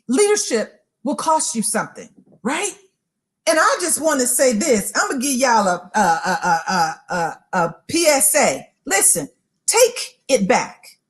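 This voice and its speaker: A woman giving a preaching-style motivational talk, emphatic and repeating phrases as she addresses listeners directly. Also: sits high. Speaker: motivational speaker.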